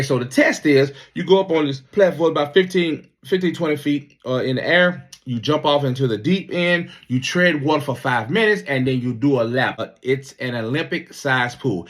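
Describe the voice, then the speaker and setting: A man's voice: mid-range voice, a bit bright. A man in his fifties, a Navy veteran, telling a story casually with a lot of profanity and repeated words. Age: 50s.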